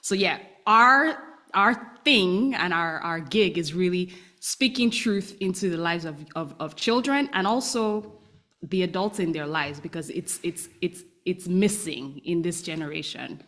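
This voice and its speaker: A woman author being interviewed, expressive and quick to laugh, chiming in often. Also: fairly low pitch. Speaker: author, guest. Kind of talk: casual interview chat.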